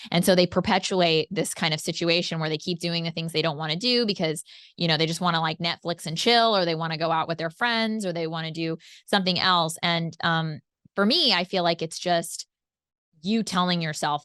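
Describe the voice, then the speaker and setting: Woman co-host, lowish smooth voice, relaxed and chatty, dry close sound. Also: fairly quick, no room sound. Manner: relaxed, chatty, with conversational fillers. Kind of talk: casual interview chat.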